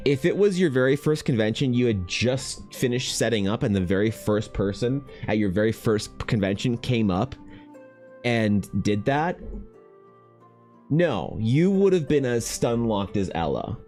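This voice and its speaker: A man's voice: mid-range voice, measured pace, soft background music. A man chatting casually to his stream viewers, rambling and swearing as he tells convention stories. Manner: rambling, profane, animated storytelling. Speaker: streamer and dice maker talking to chat. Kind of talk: casual livestream chat.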